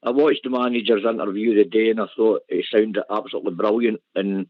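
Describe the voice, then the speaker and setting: Scottish caller, low and measured, tinny phone line. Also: male voice, steady tone, dry recording. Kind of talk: casual chat on a call-in show.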